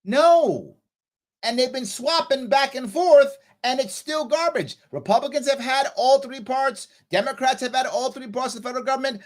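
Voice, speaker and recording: A man's voice: very high-pitched, normal speed. A man hosting a political livestream, reading chat comments aloud and answering them bluntly, at times scolding a commenter heatedly. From New York. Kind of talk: live-stream talk reading chat comments.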